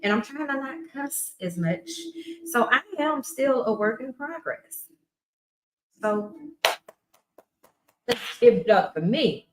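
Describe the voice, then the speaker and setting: A woman podcast coach talking casually to her viewers, chatty and emphatic, with quiet asides. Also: a little high, animated, slow, long pauses, echoey room, background noise. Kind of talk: casual promotional talk to camera.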